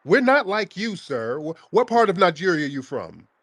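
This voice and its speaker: Male podcast host, heated and mocking on a call-in, animated voice. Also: high-pitched, normal speed, no echo. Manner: combative, mocking, repeats questions. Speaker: podcast host taking calls.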